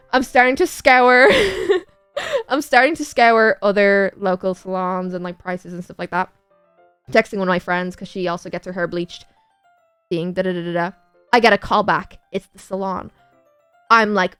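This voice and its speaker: A young Irish woman streamer chatting casually, telling a story in an animated way, laughing and acting out the people in it. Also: medium pitch, normal speed, smooth, no room sound, soft background music.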